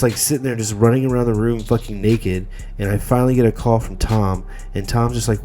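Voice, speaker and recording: A man's voice: lowish voice, fairly even intonation, a little fast, hardly any pauses, warm tone. A man telling a comic story in a loose, profane, rambling way, full of fillers and restarts. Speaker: podcast host.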